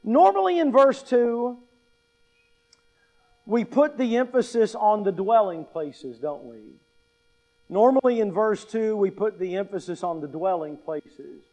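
Man, middle-aged, pastor, sermon, high-pitched, slow, emphatic, repeats phrases, rhetorical questions. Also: lively intonation, warm tone.

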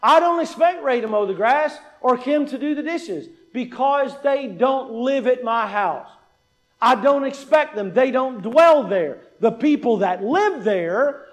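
A man with a very high voice delivers a sermon as pastor. He drives points home with repetition and rhetorical questions, and tells stories in a conversational way. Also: lively intonation, unhurried. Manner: emphatic, rhetorical questions, repeats key points.

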